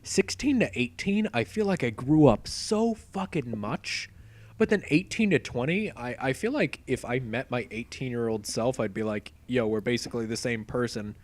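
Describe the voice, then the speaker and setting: A man's voice: medium pitch, normal speed. A young man of about twenty, co-hosting a podcast and telling stories in casual chat, full of "like" fillers. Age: around 20. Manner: animated storyteller, frequent "like" fillers. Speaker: podcast co-host.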